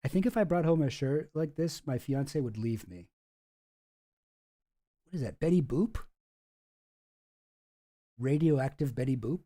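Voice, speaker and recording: A man's voice: medium pitch, expressive, a little slow, pauses often, mellow. A man giving casual, sarcastic commentary on photos, rambling and swearing freely. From Canada. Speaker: online commentator.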